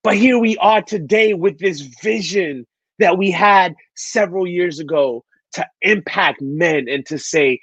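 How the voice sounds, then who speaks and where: A man telling a motivational story at an online event, animated and acting out the dialogue as he goes. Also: high voice, a little slow, breathy edge, no echo. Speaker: speaker at a men's online event.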